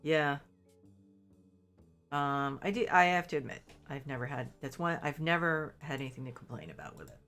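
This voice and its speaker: A woman's voice: sits low, lively intonation, normal speed, a bit bright, faint music behind. A middle-aged woman who sounds congested and sniffly, chatting with her stream viewers in a rambling, apologetic way full of fillers. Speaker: game streamer. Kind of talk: casual chat with stream viewers while playing.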